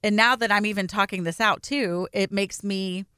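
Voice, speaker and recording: A woman's voice: mid-range voice, fairly even intonation, moderate pace, pushed and bright, smooth, no room sound, studio quality. A middle-aged woman co-hosting a podcast, telling personal stories candidly and voicing her own anxious self-talk. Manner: candid, confessional storytelling with quoted self-talk. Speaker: podcast co-host. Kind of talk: casual chat.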